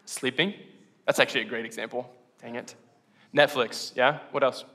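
A man's voice: medium pitch, fairly even intonation, moderate pace, pushed and bright. A man preaching a casual, conversational sermon to his congregation, laughing often and asking them questions. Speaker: pastor.

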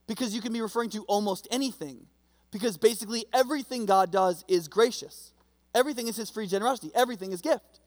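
High-voiced preacher in a reverberant hall. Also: male voice, fast. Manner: conversational, storytelling, checks in with listeners. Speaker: pastor. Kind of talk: sermon.

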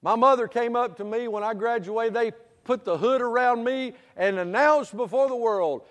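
High-voiced preacher in a hall. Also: male voice, moderate pace. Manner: swings from loud preaching to quiet storytelling. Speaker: pastor. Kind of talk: sermon. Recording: church hall reverb.

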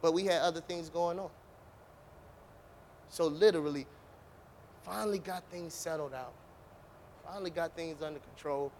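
A man with a high voice tells a story to a crowd in an easygoing, chatty way. He keeps it lively, throws in punchy sound effects and leans on casual fillers as he goes. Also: normal speed, long pauses, slight background noise. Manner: animated, with vocal sound effects; conversational, with many fillers. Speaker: speaker telling a story to an audience. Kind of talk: storytelling talk.

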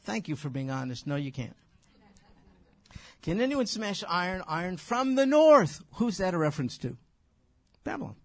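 A man delivers a sermon in a slightly husky voice that rises and falls with lively, animated inflection. He talks to his congregation in a conversational way and asks them frequent rhetorical questions. The sound is close and dry, with almost no room echo. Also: fairly high pitch, moderate pace, pauses often. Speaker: preacher.

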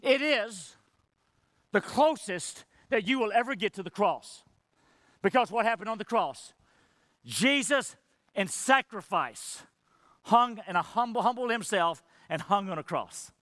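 Unhurried and expressive, a man with a high, slightly bright voice preaches as a pastor, with no room sound in the recording. He dramatizes a conversation between God and Moses, falling to near whispers for emphasis amid his impassioned delivery.

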